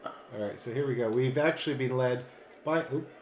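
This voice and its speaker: A man hosting a board game playthrough, relaxed and joking, often thinking aloud. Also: medium pitch, moderate pace, slight background noise. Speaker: board game channel host. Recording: echoey room.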